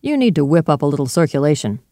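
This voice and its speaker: A man's voice: fairly high pitch, very animated, fast talker, mellow, no echo, studio quality. A reader voicing a concerned but cheerful male lawyer who talks earnestly in a storybook reading. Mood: brisk.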